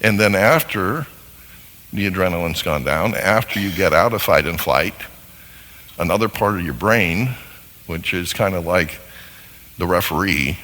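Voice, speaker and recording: A man giving a live teaching talk to an audience in a large hall, animated and acting out little dialogues as he explains. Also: low-pitched, measured pace, pauses often. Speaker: seminar speaker on marriage. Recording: long hall reverb.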